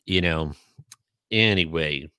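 A man co-hosting a podcast in casual chat, joking dryly and pausing often with ums. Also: extremely low pitch, bright, forceful tone, clean tone, no echo. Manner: dry joking, hesitant with many ums. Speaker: podcast co-host.

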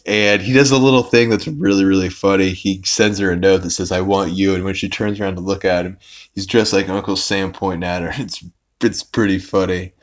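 A man's voice: deep voice, fairly even intonation, a little fast. A young man hosting a podcast, recapping an episode in a rambling, casual way with lots of fillers and restarts. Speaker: podcast host.

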